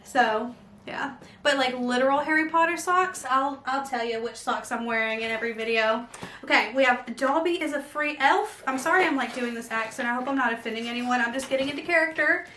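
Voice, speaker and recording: Bright, gushing woman vlogger. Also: a little high, brisk, roomy sound, slight background noise. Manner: gushing, excitable, many fillers. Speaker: vlogger unboxing an advent calendar. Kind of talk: casual unboxing chat.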